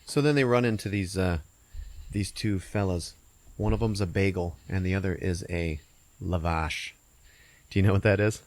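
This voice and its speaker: A man hosting a podcast, casually recapping a movie with an animated, profane delivery and frequent laughs. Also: low-pitched, moderate pace. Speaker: podcast host.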